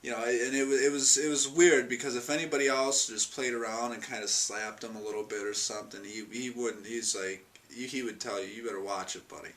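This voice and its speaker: A man's voice: medium pitch, steady tone, a little fast, few pauses, a bit bright. A man telling a fond, rambling personal anecdote in an interview, with many restarts and chuckles. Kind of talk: storytelling anecdote. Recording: distant mic, faint noise.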